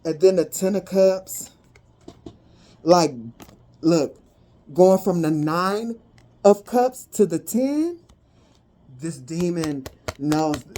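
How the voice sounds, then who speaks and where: A woman giving a tarot and energy reading to her viewers, talking in an animated, slangy way and breaking into sudden whoops of excitement. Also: on the low side, drawn-out words, pauses often.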